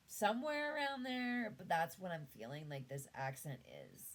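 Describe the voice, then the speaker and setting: Slow low-voiced Canadian woman reading tarot. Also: darkish tone, low-quality recording. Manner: musing, trails off and restarts. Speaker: tarot reader. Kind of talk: casual tarot reading monologue.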